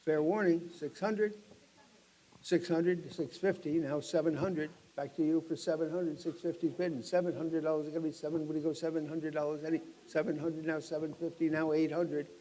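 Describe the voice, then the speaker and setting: A middle-aged man working as an auctioneer, describing each lot and then calling bids in a rapid chant. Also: a little high, steady tone, warm tone, poor audio.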